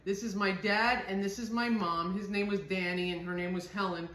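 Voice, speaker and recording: A middle-aged woman from northern New Jersey, with the local accent, makes a salad in her kitchen while hosting a casual home cooking demo. Her medium-pitched, slightly bright voice has fairly even intonation and a moderate pace, in a roomy-sounding space. She's chatty and homey, reminiscing as she goes.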